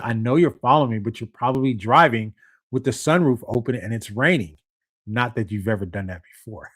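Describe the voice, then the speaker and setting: A man hosting a casual live stream, chatty and repetitive, often checking whether viewers are following. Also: mid-range voice. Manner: chatty, repeats himself and keeps checking in with the audience.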